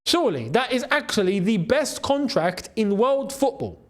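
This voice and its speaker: Lively, high-voiced man talking football. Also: moderate pace. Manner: animated, excitable, with frequent laughs and repeated phrases. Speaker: football channel host. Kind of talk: casual football commentary to camera. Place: in the Gulf region.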